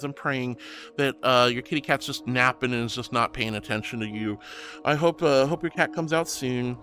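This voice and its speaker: A man's voice: on the high side, sharp tone. A man streaming live in a casual, gushing and affectionate way, reading chat aloud and greeting viewers with giggles.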